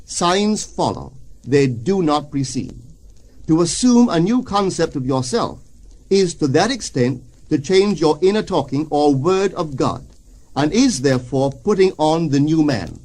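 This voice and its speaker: A man reading a spiritual lecture aloud in a measured, solemn way, slowing down for quoted passages. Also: fairly high pitch, big pitch swings, a little mellow.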